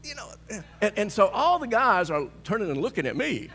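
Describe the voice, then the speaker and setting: A male pastor preaching a sermon, telling a story with lots of chuckles and shouting out bold declarations. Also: high voice, very animated, fairly quick, big-room sound, faint music behind.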